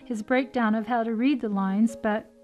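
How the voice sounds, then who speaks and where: A woman's voice: fairly high pitch, steady tone, lo-fi sound. A woman teaching a recorded lesson on verse meter, explaining carefully and tapping out stressed and unstressed syllables. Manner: measured, explanatory, reads verse lines slowly with stress.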